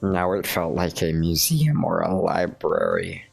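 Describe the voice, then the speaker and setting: A man reading a visual novel's narration aloud in a steady storytelling way. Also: low-pitched, a little slow, creaky, breathy edge, soft background music, low-quality recording. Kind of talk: reading game text aloud with friends.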